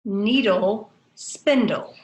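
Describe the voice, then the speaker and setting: A female teacher with a mid-range voice leads young children in a phonics lesson. She says each word slowly and with clear enunciation for the class to repeat, in a room with noticeable echo.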